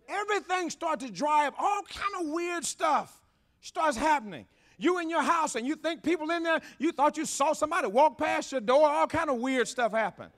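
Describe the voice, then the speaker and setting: High-voiced fervent preacher man. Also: lively intonation, brisk. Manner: fervent call-and-response preaching, repetitive, builds to shouting. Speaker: pastor. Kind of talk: sermon.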